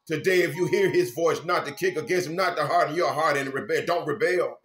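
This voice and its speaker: A man, a minister, preaching an informal sermon with fervent, repetitive phrasing and sudden loud bursts. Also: on the high side, a little fast, few pauses, roomy sound, soft background music.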